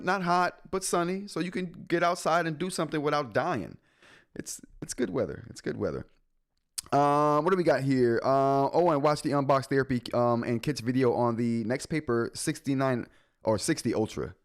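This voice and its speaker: A man hosting a live tech show, chatting casually with his viewers, joking and laughing often. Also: mid-range voice. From United States. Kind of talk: casual live-stream chat.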